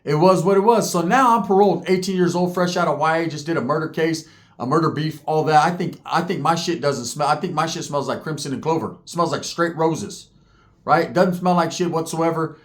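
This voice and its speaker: A man's voice: on the high side, fairly quick. A man in his forties from California, telling street stories in a casual, profane way with heavy slang. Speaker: storyteller host.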